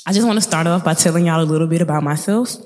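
A woman in her twenties with a thick Mississippi Southern accent, hosting a podcast in a chatty, upbeat monologue that speeds up when she gets excited. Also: low voice, racing. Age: 20s. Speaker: podcast host. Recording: long reverb.

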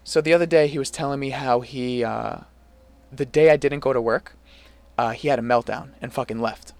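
A young man co-hosting a podcast, casually telling an animated story full of swearing. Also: medium pitch, moderate pace, creaky. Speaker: podcast co-host. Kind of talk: casual chat.

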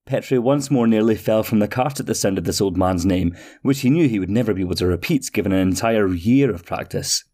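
A man hosting a podcast and narrating a fairy tale in a slow, measured storytelling manner. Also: on the low side, darkish tone.

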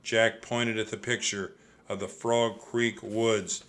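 A man reads a children's adventure story aloud at a slow, deliberate pace. His voice is bright and expressive, and he speaks straight to the kids listening. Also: on the low side. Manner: expressive, addresses kids directly. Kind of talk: reading a children's book aloud.

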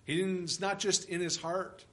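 A man's voice: high voice, steady tone, normal speed, fairly bright tone. A man preaching an expository sermon as pastor, emphatic and full of rhetorical questions.

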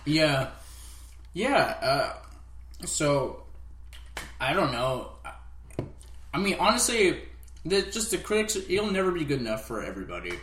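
A man co-hosting a podcast in a casual chat, relaxed and hesitant, with many fillers. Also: fairly high pitch, a little slow, long pauses. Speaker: podcast co-host. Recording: echoey room.

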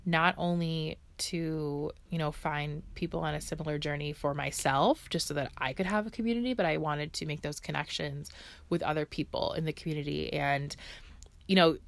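A woman's voice: sits low, fairly bright tone, no room sound. A woman in her thirties hosting a personal podcast, talking in a heartfelt, emotional way and laughing now and then. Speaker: podcast host.

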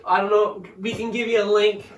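A man in casual chat, telling an animated story about work, acting out quotes and laughing often. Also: sits high, brisk. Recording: roomy echo, far from the mic, faint noise.

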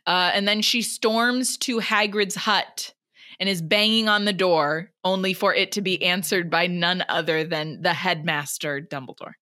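A woman's voice: on the low side, a little slow, sharp tone. A woman co-hosting a podcast, chatting animatedly as she retells a book chapter. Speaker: podcast co-host. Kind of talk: casual chat recapping a book.

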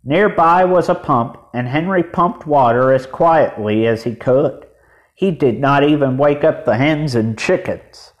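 A man reading a children's storybook aloud as narrator, in a measured way. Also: mid-range voice, muffled recording. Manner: measured, deliberate.

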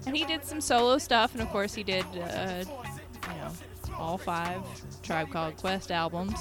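A woman's voice: mid-range voice, measured pace, over loud music. A woman from Kentucky with a light Kentucky accent, co-hosting a casual, playful chat. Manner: playful, chatty, laughs often. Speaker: podcast co-host.

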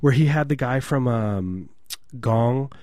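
A man co-hosting a podcast in loose, jokey banter, rambling and piling on deadpan exaggeration. His voice sits in an ordinary middle pitch, recorded close and dry. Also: slow pace, no echo. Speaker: podcast co-host. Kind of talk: casual comedic banter.

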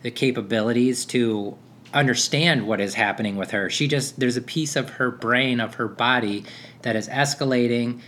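A man in his thirties talks through his thoughts in a loose, rambling monologue. He restarts sentences often and leans on fillers, and his voice sits at a middling pitch. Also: normal speed, a bit bright, slight background noise. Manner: rambling, self-interrupting, with frequent fillers. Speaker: podcast host, father. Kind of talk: casual reflective monologue.

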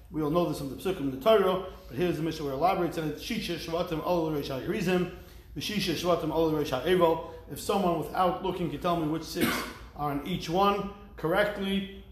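A man's voice: a little high, heavy reverb, poor audio. A man, a rabbi, teaching a Talmud class, explaining the texts and chanting Hebrew verses with a rising lilt, with jokey asides to the students.

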